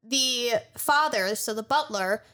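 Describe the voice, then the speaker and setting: A young woman co-hosting a podcast, casually retelling a show's scenes with quick acted-out quotes and plenty of swearing. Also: on the high side, bright, forceful tone. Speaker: podcast co-host. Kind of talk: casual chat recapping an anime.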